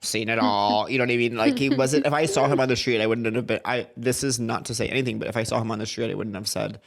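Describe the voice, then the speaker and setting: A man's voice: quick pace, creaky. A young man co-hosting a podcast, chatting casually and acting out his story with big jumps in voice. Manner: animated storyteller, acts out quotes with big pitch jumps. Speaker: podcast co-host. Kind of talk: casual chat.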